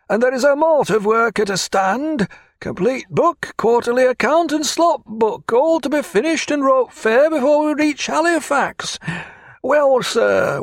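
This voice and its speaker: A man's voice: very high voice, no room sound, pitched above the performer's own voice, heavily acted. A man voicing a testy, toothless old male ship's clerk who grumbles and complains, in an audiobook reading. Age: older. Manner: grumbling, querulous.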